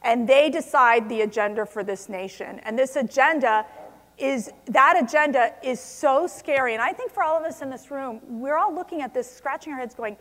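A conference speaker's high, fairly bright voice moves at a moderate pace as she addresses the audience with passion. She stresses words forcefully and builds to strong emphasis, and the big convention hall adds a long reverb.

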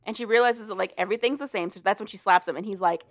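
This is a woman in casual conversation, retelling a story with lots of energy. She swears freely and breaks into laughter often. Her voice sits at a middle pitch. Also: racing. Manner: animated, profane, laughs often while retelling. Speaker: podcast co-host recapping a story. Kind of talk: casual chat.

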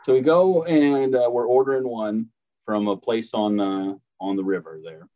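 Here a thirty-something Midwestern American man laughs easily while casually recounting a trip as a podcast co-host. His warm, lowish voice runs at a normal speed, and the sound is lo-fi.

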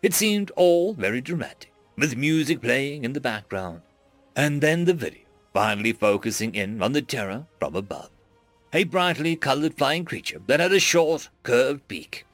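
A man narrating a scripted story in an expressive storytelling manner. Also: medium pitch, moderate pace, dry recording, faint music behind. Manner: expressive storytelling, acts out many voices.

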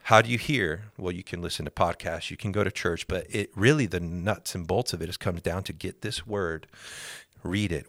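A man's voice: deep voice, moderate pace, vocal fry, fairly bright tone, no echo, studio quality. A man hosting a faith podcast, teaching in an earnest way, repeating key phrases and acting out prayers in the first person. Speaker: podcast host.

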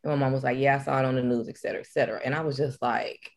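A woman's voice: very deep voice, fairly even intonation, very fast. A woman telling a memory in a casual conversational way, quoting what she and others said. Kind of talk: casual chat.

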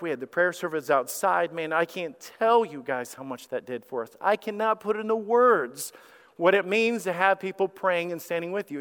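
A middle-aged male pastor preaches in a lively storytelling way, acting out the people in his story and often repeating his words. His voice is smooth and resonant and sits a little high. The sound carries a long reverb from a church sanctuary. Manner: animated, acts out quoted voices, repeats words. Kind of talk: sermon storytelling.

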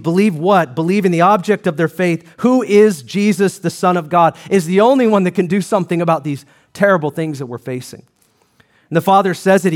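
High-voiced man preaching a sermon. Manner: preaching with rising emphasis and repetition, dropping to quiet asides. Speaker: pastor.

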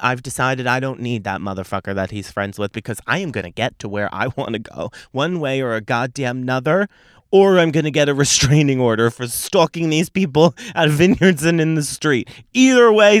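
A man's voice: medium pitch, brisk, clear, resonant tone, no room sound, studio quality. A young man hosting a podcast, telling a brash, foul-mouthed comic story with laughter mixed in. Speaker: podcast host. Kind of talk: profane comedic monologue.

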